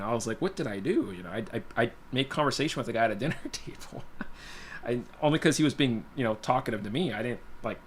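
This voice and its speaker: A man's voice: medium pitch, a bit bright, slight background noise. A man hosting a casual stream, telling a personal story in a rambling, blunt way full of "you know" and "like". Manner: blunt, plainspoken. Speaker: guitar livestream host.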